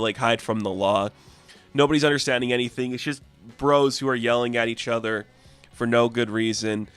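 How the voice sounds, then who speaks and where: A man's voice: mid-range voice, a bit bright, clear, resonant tone. A man giving a casual, enthusiastic spoken review of a comic book, with lots of filler words.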